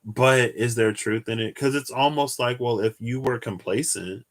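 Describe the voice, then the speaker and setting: A man's voice: medium pitch, normal speed. A tired young man chatting casually as he reads tarot, musing aloud and trailing off with sighs. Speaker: tarot reader. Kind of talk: casual solo tarot livestream.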